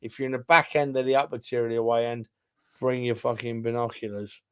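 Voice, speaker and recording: A man's voice: medium pitch, fairly even intonation, quick pace, clear, resonant tone. A man co-hosting a casual football chat, rambling and emphatic, a little tipsy from drinking. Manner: rambling, emphatic, keeps calling the other host son. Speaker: podcast co-host.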